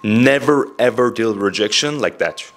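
A young man offers casual self-improvement advice in a direct, chatty manner, saying "like" and "bro" a lot. His voice is on the low side and fairly bright, at normal speed.

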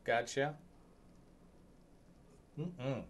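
A young man plays a horror game for his viewers and talks them through it in an unhurried, drawn-out way, joking about how scared he is. His pitch sits in the middle for a man. A faint hiss sits under his voice. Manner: nervous, jokey, chatting with viewers. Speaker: streamer. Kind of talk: live gameplay commentary.

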